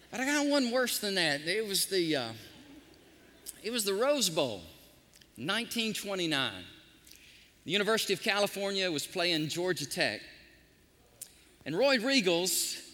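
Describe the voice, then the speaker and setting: A man pastor preaching a sermon, telling stories in an animated, emotional way. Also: high-pitched, in a large hall. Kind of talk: sermon with storytelling. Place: church sanctuary.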